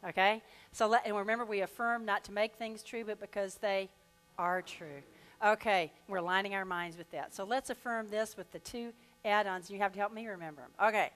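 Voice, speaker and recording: A woman minister speaks to her congregation in a church sanctuary, her voice sitting squarely in the middle of the range. She draws out the shared affirmations slowly, then reads a rhyming poem with lively, playful expression. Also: medium pitch. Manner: leads the congregation in slow, drawn-out affirmations. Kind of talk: sermon.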